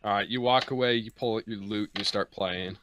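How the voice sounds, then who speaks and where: A young man acting as game master, narrating a tabletop game in a lively, laughing way over an online video call. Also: lowish voice, background noise. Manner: lively, laughing, quick asides.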